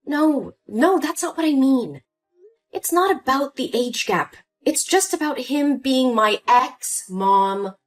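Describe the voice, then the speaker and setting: A woman's voice: high-pitched, expressive, takes it slowly, soft background music, full character voice. A woman voicing an upset young adult daughter in a dramatized story, pleading and indignant. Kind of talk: scripted story voice acting.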